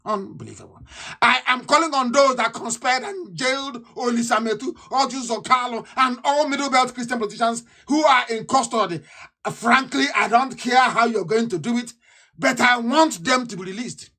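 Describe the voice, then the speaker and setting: Speaking at a normal speed, this Nigerian man has a bright, forceful voice and a Nigerian English accent. He's a radio broadcaster giving an impassioned political address, fiery and scornful, lurching between shouting and quiet muttering.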